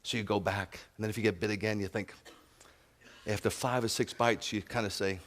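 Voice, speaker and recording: A man delivering a sermon as a rabbi. His voice sits on the low side. He talks earnestly and personally, sometimes dropping to a near-hush and sometimes rising to a sharp, loud rebuke. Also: steady tone, fairly quick, a little hiss or hum. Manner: earnest, shifting from soft confiding to loud scolding.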